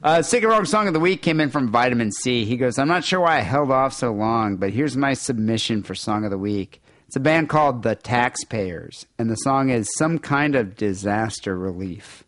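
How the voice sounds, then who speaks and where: A man's voice: mid-range voice, animated, moderate pace, a bit bright, dry recording. A man with a nasal voice hosting a casual podcast, chatting and reading listener emails aloud. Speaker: podcast host.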